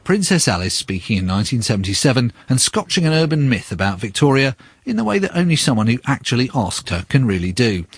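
A man's voice: mid-range voice, very animated, fast talker, breathy edge, no room sound. A man presenting a radio documentary in a wry, inquisitive way.

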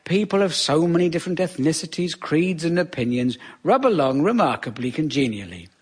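A man's voice: fairly high pitch, expressive, a little fast, husky. A wry British man doing a sardonic stand-up comedy monologue in a conversational manner. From Britain.

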